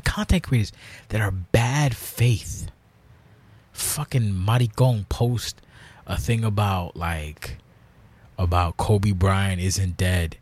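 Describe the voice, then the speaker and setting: Low raspy-voiced guy doing a solo podcast rant, blunt, cussing nonstop, kinda grouchy. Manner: rambling, profane, heavy swearing; self-described grouchy, blunt. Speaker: podcast host. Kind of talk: casual solo podcast monologue.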